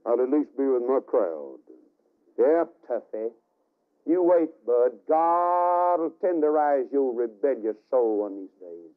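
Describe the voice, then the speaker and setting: A man preaching a fiery revival sermon, telling the story dramatically with sudden shouts and hushed asides. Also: mid-range voice, very animated, slow. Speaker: evangelist. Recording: tinny archival radio broadcast.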